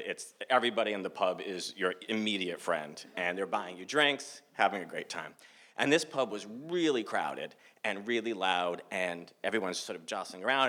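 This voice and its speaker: Forties guy from massachusetts telling a funny story live, pitch bouncing all over. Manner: animated, self-mocking, acts out dialogue. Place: theater stage before a live audience.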